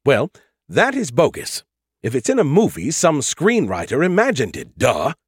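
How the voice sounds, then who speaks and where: A man's voice: on the high side, huge pitch swings, normal speed, slightly rough, no room sound, clean studio sound, exaggerated voice. A man voicing a condescending, know-it-all male AI in an audiobook, lecturing and sarcastic. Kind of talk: audiobook character voice.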